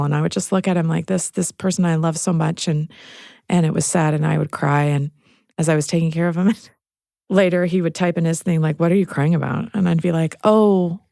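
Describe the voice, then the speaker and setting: A woman's voice: low voice, gravelly, darkish tone, no room sound, clean studio sound. A middle-aged woman, a guest in an interview, telling a personal story with earnest feeling. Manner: earnest, storytelling, at times choked up. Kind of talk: emotional interview.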